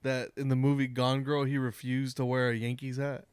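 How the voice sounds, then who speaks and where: A man's voice: medium pitch, monotone, moderate pace, clean tone, dry recording. A young man co-hosting a casual comedy podcast, trading laughing, teasing banter. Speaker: podcast co-host.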